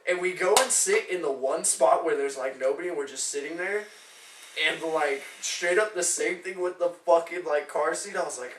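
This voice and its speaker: A young man with a bright, forceful voice, talking fast and swearing a lot as he tells a story and acts out each person in it. He sits well back from the mic in an echoey room with a faint hiss underneath. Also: on the high side, recorded from a distance. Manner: profane, animated storyteller acting out quotes. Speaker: podcast co-host. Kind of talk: casual chat, storytelling. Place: room shared on a couch.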